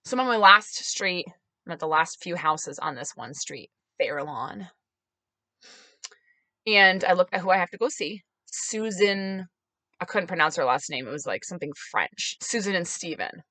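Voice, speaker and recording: Woman, podcast host, bright voice, dry close mic, animated storytelling, acts out voices. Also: moderate pace, no echo. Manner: animated, acts out quoted voices with big pitch jumps and laughs. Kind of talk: casual storytelling monologue.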